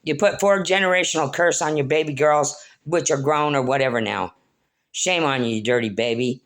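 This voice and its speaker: A woman's voice: low-pitched, moderate pace. A middle-aged woman rambling through a personal monologue to her viewers, blunt, scolding and preachy, calling them "folks.". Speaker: spiritual vlogger.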